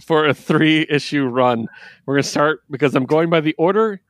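This comic review podcast co-host has a fairly high voice and speaks at normal speed in casual chat. He's animated, laughs often and acts out quotes from the books. It's studio quality with no echo.

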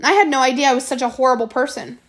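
A woman's voice: high voice, very fast, lightly acted. A woman reading aloud and voicing a defiant, cocky teenage orphan boy who talks in a bold, defensive way.

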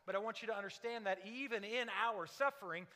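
High bright-voiced man preaching in a hall. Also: fast. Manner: animated storytelling with jokes, dramatic drops in volume. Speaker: pastor. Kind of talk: sermon. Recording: long hall reverb.

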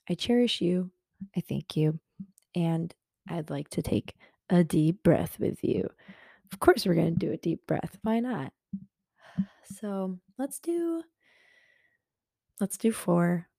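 A woman's voice: fairly low pitch, vocal fry, mellow, no room sound, studio quality. A young adult woman hosting a podcast from her bed, a little hungover, talking earnestly about self-kindness with many fillers. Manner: earnest, rambling, lots of fillers. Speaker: podcast host. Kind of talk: casual self-help talk.

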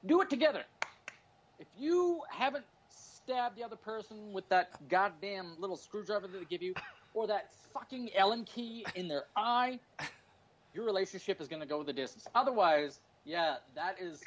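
A man in his forties rambles through profane, jokey stories in casual podcast chat. His voice sits a little high for a man. The recording is dull and lo-fi, like call audio. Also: expressive, moderate pace, a bit bright, a little hiss or hum. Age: 40s. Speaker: stand-up comedian and guest.

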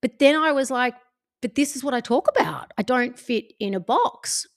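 Aussie woman hosting a podcast, chatting candidly and swearing, fairly high voice. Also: expressive, normal speed. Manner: candid and sweary, acts out friends' lines. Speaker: podcast host. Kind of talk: casual storytelling chat.

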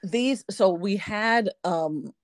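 A woman's voice: mid-range voice, slow pace, no echo, studio quality. A woman in her fifties, a podcast guest, chatting casually with restarts and easy laughter. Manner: rambling, self-correcting, laughs easily. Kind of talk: casual interview chat.

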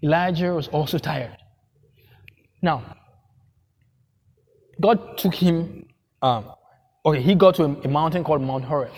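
A man's voice: fairly high pitch, unhurried, long pauses, a little mellow. A man preaching a sermon as pastor, emphatic, repeating phrases and asking the congregation questions.

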